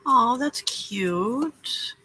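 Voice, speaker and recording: A woman hosts a cozy late-night crafting stream from her home craft room. Her voice is bright with a breathy, husky edge. She chats casually, welcomes viewers by name and pokes fun at herself. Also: on the high side, lively intonation, drawn-out words, poor audio. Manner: chatty, greets viewers by name, self-deprecating. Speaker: livestream craft host.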